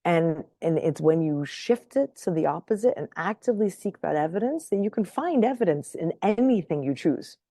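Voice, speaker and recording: This is a podcast guest, a woman whose voice is low, warm and mellow, casually recounting something from her own life. She moves at a moderate pace with few pauses, full of energy, frequently laughing and checking that her listener is with her. The audio is close and dry, free of any room sound.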